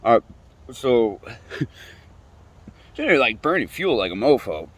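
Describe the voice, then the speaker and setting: A man's voice: medium pitch, sing-song, slow pace. Rambling, profane young man. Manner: profane, rambling, repeats himself; restarts and trails off often. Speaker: vlogger telling his own story. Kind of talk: casual storytelling rant.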